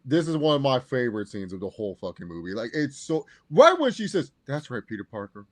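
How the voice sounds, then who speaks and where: A man's voice: mid-range voice, huge pitch swings, quick pace, no room sound. A man co-hosting a casual movie review chat, enthusiastically chiming in with quoted reactions. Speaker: podcast co-host.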